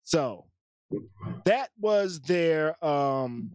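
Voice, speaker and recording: A man's voice: fairly high pitch, lively intonation, extremely slow, darkish tone, no room sound, studio quality. A man co-hosting a casual podcast, joking loosely and reading chat messages and statements aloud. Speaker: podcast co-host.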